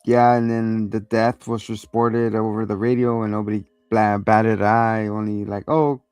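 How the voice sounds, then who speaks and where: A man's voice: fairly low pitch, monotone, normal speed, darkish tone, smooth, no room sound, soft background music. A man hosting a casual episode recap, loose and profane, acting out quotes along the way. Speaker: host.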